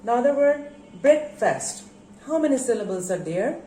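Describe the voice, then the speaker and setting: An English teacher from Bangladesh is recorded teaching a classroom lesson, slowly drawing out words for emphasis and repeating them for her students. Her medium-pitched voice is expressive and dark in tone, heard in an echoey room with faint background noise.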